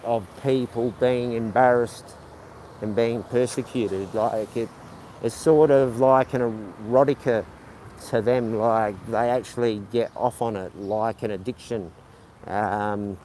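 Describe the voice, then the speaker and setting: A man's voice: medium pitch, darkish tone. A man with a stutter hosting a casual walking livestream, rambling with many ums and firing back sarcastically at his chat. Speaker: livestream host. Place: outdoors on city streets. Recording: faint street noise behind.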